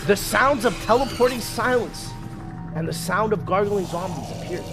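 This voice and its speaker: A man's voice: high-pitched, lively intonation, normal speed, music in the background. A young man reading a fan script aloud in a comic way, with joking, swearing asides. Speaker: narrator.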